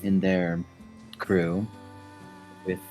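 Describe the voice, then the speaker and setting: A man's voice: low-pitched, level tone, extremely slow, darkish tone, faint music behind. A man talking casually as a tabletop game player, hesitant and often restarting his sentences.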